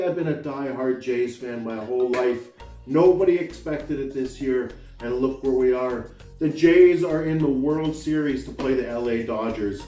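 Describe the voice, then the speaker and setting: A man gushing excitedly in a casual vlog as a sports card collector, with sudden bursts of shouting. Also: medium pitch. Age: 30s. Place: room at home. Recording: roomy echo, mic at a distance, faint music.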